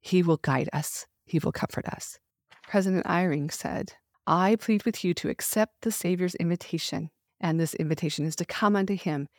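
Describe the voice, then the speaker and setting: A woman's voice: fairly low pitch, moderate pace, darkish tone, no echo, clean studio sound. A middle-aged woman hosting a faith podcast, speaking in an earnest, heartfelt, emphatic way. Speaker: podcast host. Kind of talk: faith devotional talk.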